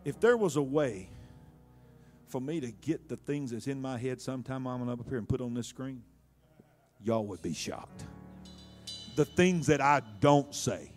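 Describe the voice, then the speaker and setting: A man, a pastor, delivering a sermon that builds to loud, fervent preaching. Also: mid-range voice, normal speed, pauses often, faint music behind.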